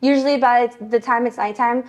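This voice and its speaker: A woman's voice: on the high side, steady tone, fairly quick. A young woman hosting a podcast, chatting casually while working out, out of breath and filling her talk with "like.". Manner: chatty, lots of "like" fillers. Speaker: podcast host.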